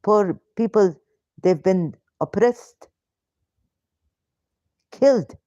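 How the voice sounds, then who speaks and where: A woman's voice: on the low side, slow, warm tone, dry recording. A woman hosting a live question-and-answer talk, emphatic and indignant, piling up rhetorical questions with hesitant fillers and broken grammar, on dull lo-fi stream audio. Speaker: ex-Muslim question-and-answer host.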